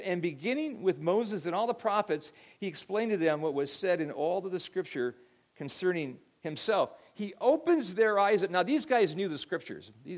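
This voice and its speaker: A middle-aged man preaching a sermon as pastor, telling stories in a conversational way, often repeating his words. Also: high voice.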